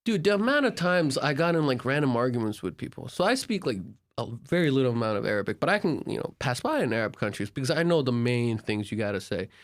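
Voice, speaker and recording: An American man, a podcast guest, telling travel stories in a casual, animated way, laughing and acting out the people he quotes. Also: mid-range voice, fast talker, hardly any pauses. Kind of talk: casual storytelling.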